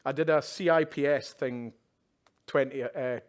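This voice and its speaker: A man's voice: mid-range voice, steady tone, a little slow. A man giving a conference keynote from a live event stage, speaking conversationally with tag questions and wry asides.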